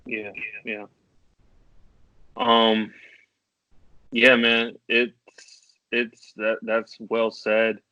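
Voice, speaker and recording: A man's voice: on the low side, completely flat delivery, very slow, pauses often, bright, forceful tone, no echo. Stammering man, dry dull podcast audio. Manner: stammering, reflective, laughs between thoughts. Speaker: podcast co-host. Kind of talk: casual podcast chat.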